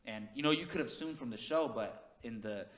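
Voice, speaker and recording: Excitable male podcast co-host. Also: medium pitch, brisk. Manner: excitable, laughs easily. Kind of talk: casual podcast chat.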